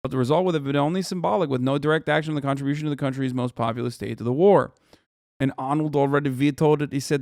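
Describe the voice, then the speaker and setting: A male streamer reacting to a clip in casual, offhand commentary, swearing now and then. His voice is smooth and clear, and it sits close and dry on a streaming mic. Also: medium pitch, steady tone, quick pace, a little mellow, dry recording. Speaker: streamer host.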